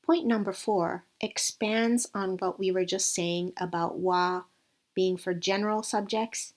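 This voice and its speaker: A woman teaching Japanese grammar, explaining clearly and evenly with example sentences. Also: mid-range voice. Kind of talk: scripted lesson narration.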